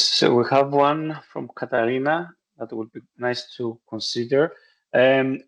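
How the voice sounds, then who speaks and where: A man moderates a webinar over a video call, reading out questions from the audience. He is polite and pauses often, with plenty of ums. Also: medium pitch, rough recording. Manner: hesitant, polite.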